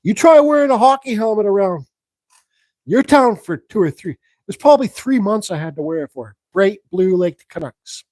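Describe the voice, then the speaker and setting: A man with a fairly high voice rambles through a story on a live stream, frank and loose with his swearing. The sound is close and dry, with no room around him. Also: lively intonation, normal speed, a little mellow, no echo, low-quality recording. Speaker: woodcarving channel host.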